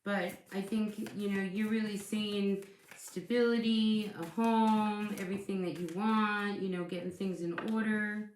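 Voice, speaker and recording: A woman's voice: mid-range voice, steady tone, measured pace, reverberant, slight background noise. A woman giving a casual tarot reading, speaking in a chatty, reassuring way and often repeating herself as she restarts sentences. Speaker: tarot reader.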